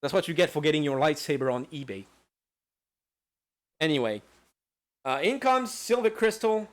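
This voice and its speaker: A man gives a mock lecture recapping a video game, swearing freely and joking as he goes. His voice sits a little high and swings widely in pitch. The delivery is crude and playful, with frequent laughter. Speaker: host.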